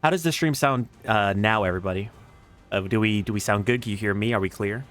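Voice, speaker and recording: A man's voice: on the low side, fast talker, soft background music. A young man with a Southern US accent, casually joking and swearing through live gameplay commentary. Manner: joking, swearing, bursts of excited laughter. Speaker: streamer.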